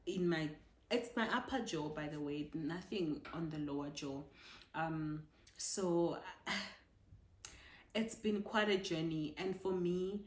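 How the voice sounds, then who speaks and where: A woman's voice: on the low side, reverberant. A woman chatting in a casual personal vlog, emotional and full of fillers and restarts. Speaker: vlogger.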